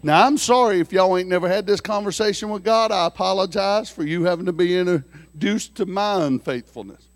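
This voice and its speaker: A man preaching a sermon through folksy, joking stories, animated and lively. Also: sits high, brisk, no echo. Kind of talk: storytelling sermon.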